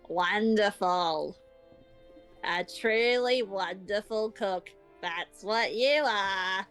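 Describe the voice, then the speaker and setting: A woman voicing a pompous rich male host with a broad Australian bogan accent and drawn-out, showy praise. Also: mid-range voice, fairly bright tone, clear, resonant tone, low-quality recording.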